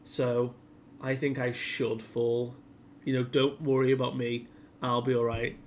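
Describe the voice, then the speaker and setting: Une jeune fille géante, courageuse et dévouée, lue par un homme. Elle parle simplement et sincèrement, à voix posée, sans grand effet de jeu. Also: male voice, mid-range voice, flat delivery, unhurried, a little hiss or hum, lightly acted. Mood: earnest. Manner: earnest plain-spoken speech. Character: brave young giant girl, earnest and selfless.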